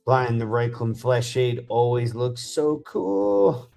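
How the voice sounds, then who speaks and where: A man's voice: mid-range voice, animated, slow pace, creaky, mellow. A man chatting casually while painting miniatures, with a mid-range voice. He rambles happily from topic to topic and recounts stories with enthusiasm. Faint music plays under him.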